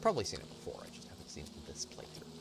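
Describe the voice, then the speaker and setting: A man's voice: racing, loud music behind the voice. A man hosting a casual let's-play stream, chatting in a rambling, profane, self-interrupting way. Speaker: gaming channel host.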